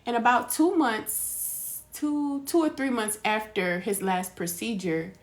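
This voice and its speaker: A woman giving a casual spiritual talk as a reader, telling stories in an animated way and calling her listeners baby. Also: fairly high pitch, slow.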